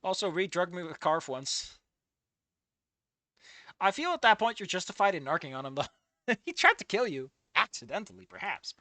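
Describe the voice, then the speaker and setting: A woman casually reacting to a fanfic, exasperated and swearing freely, yelling at the characters, laughing often and trailing off into low mutters. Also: very animated, normal speed, pauses often, no echo. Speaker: fanfic reader and commentator.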